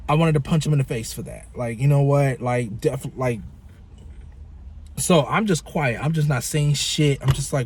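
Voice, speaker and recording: A man's voice: mid-range voice, moderate pace, a little mellow, slight background noise. A man vlogger telling a story in a casual, profane, exasperated rant.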